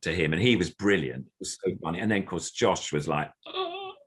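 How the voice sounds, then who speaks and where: A man's voice: low voice, fast, breathy edge. An older man, a puppeteer, telling a story in casual conversation, rambling with plenty of fillers and acting out the lines of others. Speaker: puppeteer guest. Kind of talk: casual anecdote.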